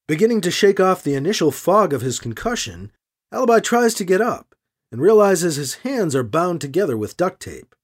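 A man narrates a story with a high, lively voice that swoops across a wide range. His reading is expressive and animated. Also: breathy edge. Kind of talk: audiobook narration.

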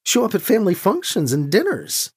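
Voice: medium pitch, wildly swooping pitch, fairly quick, darkish tone, slightly rough, pitched above the performer's own voice, full character voice. A narrator voicing an older aunt who is stern, disapproving and protective, for an audiobook. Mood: insistent. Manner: stern, insistent. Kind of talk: audiobook character reading.

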